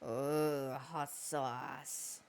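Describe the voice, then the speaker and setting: A woman's voice: very deep voice, fairly even intonation, very slow, vocal fry, a little mellow, clear, resonant tone. A young woman hosting a stream, telling a crude story with lots of laughing and swearing. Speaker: streamer host. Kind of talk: casual stream chat.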